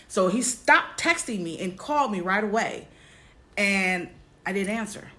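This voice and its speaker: A woman vlogger telling a personal story straight to her viewers, halting often and repeating herself. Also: medium pitch, sharp tone. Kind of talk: candid personal storytelling to camera.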